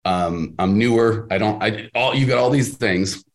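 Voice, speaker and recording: A man in casual podcast conversation, giving business advice with an emphatic, animated delivery and playing out the voices he quotes. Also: lowish voice, moderate pace. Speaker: podcast host and business coach.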